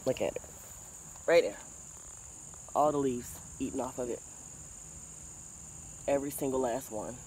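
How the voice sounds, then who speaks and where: A man's voice: medium pitch, a little slow, pauses often, a little mellow, slight background noise. Frustrated man venting outdoors in his garden. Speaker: gardening vlogger. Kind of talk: casual vlog talk. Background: insects and outdoor ambience.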